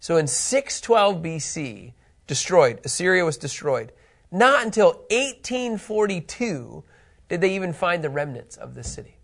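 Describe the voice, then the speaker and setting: A middle-aged man teaching a Bible lesson, animated and conversational, often checking in with his listeners. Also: on the high side, a little slow, gravelly. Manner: animated, keeps asking "okay?" to check understanding.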